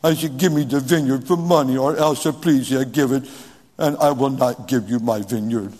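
A man's voice: medium pitch, moderate pace, darkish tone, breathy edge, in a large hall, pitched below the performer's own voice, natural voice. A preacher putting on a whiny, sulking old king. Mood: sulky. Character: whiny pouting ancient king, grown man sulking.

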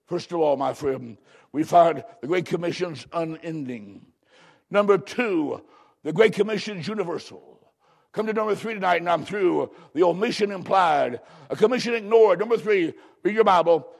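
Gravelly preacher man with a high voice. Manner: swings from shouting to hushed, urgent and emphatic. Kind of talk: revival sermon.

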